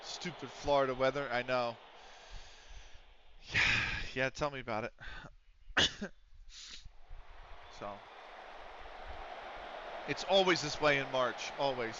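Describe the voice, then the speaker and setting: A man's voice: medium pitch, slow pace, long pauses, lo-fi sound, noisy background. A man livestreaming a game, chatting casually with viewers, swearing freely and breaking into play-by-play calls. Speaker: streamer.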